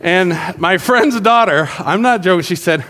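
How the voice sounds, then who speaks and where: Middle-aged male pastor, animated and joking; high voice ringing through a big hall. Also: moderate pace. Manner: animated, joking storyteller acting out quotes. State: out of breath. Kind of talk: sermon. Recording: long hall reverb.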